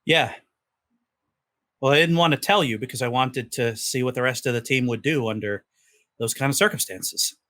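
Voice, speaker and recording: A man narrating as game master of a tabletop game, in a relaxed, easygoing way. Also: mid-range voice, moderate pace, long pauses.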